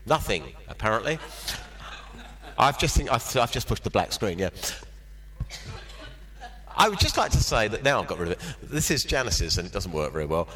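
A man in his sixties preaching a sermon with personal testimony, mixing self-deprecating asides with bursts of excitement. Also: fairly low pitch, normal speed, pauses often. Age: 60s.

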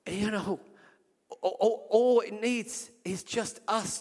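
An English man preaching a sermon and telling healing stories, swinging between loud exclamations and hushed asides. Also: sits high, slow pace. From England. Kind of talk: sermon with storytelling. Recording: long reverb from a large hall.

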